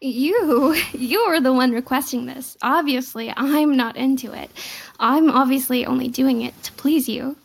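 Giggly, teasing young woman, high fry. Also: unhurried. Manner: playfully bratty and coy. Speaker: audio role-play performer. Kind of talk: intimate audio role-play.

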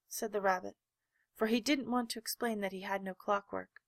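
Woman reading a storybook gently. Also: medium pitch, steady tone, moderate pace, no room sound. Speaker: narrator.

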